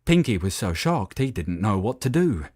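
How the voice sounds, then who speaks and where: A man narrating a children's story in an expressive, playful reading style. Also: on the low side, normal speed, dry recording, clean studio sound.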